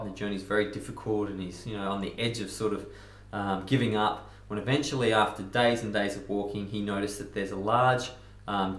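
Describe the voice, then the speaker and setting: A man tells a fable in a casual, conversational way and leans on frequent fillers. His voice is on the low side. A roomy echo hangs around every word. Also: fairly bright tone. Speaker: self-help speaker. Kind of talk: storytelling in a self-help talk.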